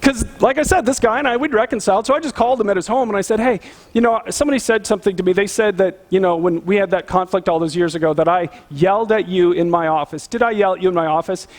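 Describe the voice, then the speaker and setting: A middle-aged man, a pastor, preaching a sermon and telling a personal story in an animated, earnest way. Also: high-pitched, fast.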